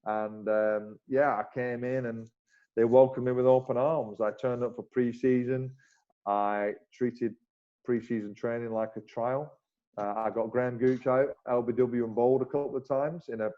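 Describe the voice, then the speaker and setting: A man's voice: mid-range voice, moderate pace. Man telling cricket anecdotes. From Bolton, northern England. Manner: animated anecdotes, frequent restarts, acts out dialogue. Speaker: former cricketer, guest. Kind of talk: casual interview storytelling. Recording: slightly muffled recording.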